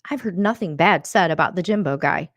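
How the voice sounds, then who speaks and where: A woman's voice: fairly low pitch, brisk, dry recording, highs cut off. A woman giving heated, emphatic commentary on an online dispute, repeating words as she presses her points. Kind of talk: casual commentary.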